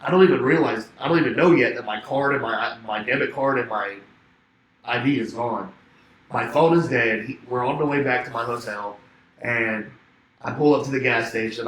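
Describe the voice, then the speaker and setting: A man's voice: medium pitch, a little hiss or hum. A young man telling a rambling party story in casual chat, swearing and laughing, acting out both sides of phone calls. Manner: swearing, laughing, animated anecdote with quoted dialogue. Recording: echoey room with faint ambience.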